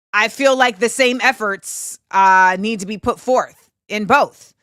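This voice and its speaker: Blunt, forceful woman hosting a livestream. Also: a little high, dry recording, clean studio sound. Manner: blunt and opinionated. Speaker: host. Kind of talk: livestream talk reading viewer comments.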